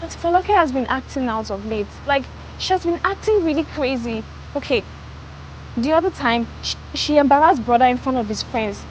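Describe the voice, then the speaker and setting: A woman's voice: sits high, lively intonation, a little fast, slight background noise, poor audio. An actress with a Nigerian accent playing a young student who pleads for help for her brother, talking earnestly. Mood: pleading. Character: young woman student, worried sister. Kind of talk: film drama acting.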